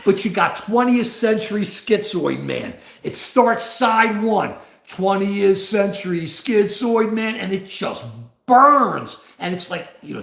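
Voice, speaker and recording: An older man in his seventies with a high-pitched voice hosts a casual livestream. He rambles, argues and talks straight to his viewers. The sound is roomy and echoey. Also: creaky, fairly bright tone. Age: 70s. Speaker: livestream host.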